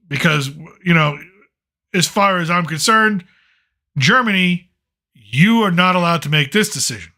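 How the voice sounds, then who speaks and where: A late-night show host delivers casual commentary as a sarcastic rant, blunt and rambling, dropping curses along the way. His voice is bright and forceful, a little high for a man, expressive and unhurried.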